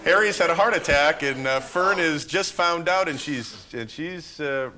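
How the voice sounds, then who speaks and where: A man hosting a talk show, friendly and halting with many fillers. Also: a little high, lively intonation, sharp tone, slight background noise.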